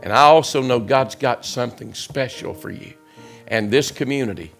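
A middle-aged man preaching in a church sanctuary, building to loud, high-pitched shouts and then dropping to soft, intimate lines. His pitch sits in an ordinary middle range. Faint music plays underneath. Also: moderate pace, creaky. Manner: preaching with rising shouts and sudden drops to quiet. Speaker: guest preacher. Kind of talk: impassioned sermon.

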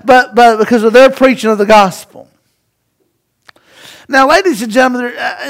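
Male pastor with a very high voice, dynamic sermon delivery that swings from loud to hushed and quizzes the congregation. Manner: rhetorical questions to the congregation.

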